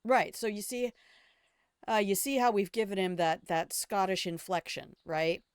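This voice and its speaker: A woman's voice: medium pitch, measured pace, clear, resonant tone, no room sound, clean studio sound. An older woman hosting a game stream, chatting casually and wryly, reading dialogue aloud and riffing on it. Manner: chatty, wry, reads dialogue aloud and riffs on it. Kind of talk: casual gameplay commentary.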